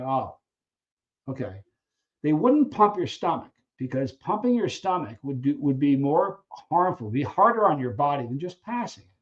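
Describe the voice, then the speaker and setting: A man hosting a casual live Q&A stream, reading viewer questions and answering them in an animated way, acting out little scenes with frequent restarts. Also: a little high, dull audio. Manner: animated storyteller who acts out scenes, halting restarts.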